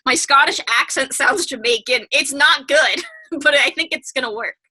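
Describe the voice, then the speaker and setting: A woman's voice: high voice, normal speed, sharp tone. A young woman co-hosting a podcast in casual, giggly chat. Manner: giggly and chatty. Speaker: podcast co-host.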